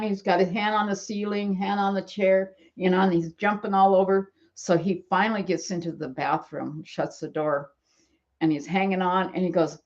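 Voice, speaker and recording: Chatty seventy-year-old woman, lo-fi. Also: medium pitch. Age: 70s. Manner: chatty, laughs often, acts out quotes. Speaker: channel host. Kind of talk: rambling live-stream chat. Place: at home in bed.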